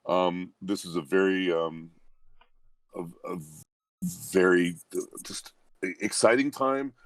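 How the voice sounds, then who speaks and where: A man, a guest voice actor, talking in a relaxed interview in a reflective, humble and unhurried way. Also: deep voice, no echo.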